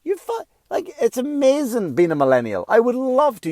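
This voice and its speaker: A middle-aged man doing a stand-up comedy routine, profane and ranting, swinging from muttering to yelling. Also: extremely high pitch, huge pitch swings, normal speed, no room sound.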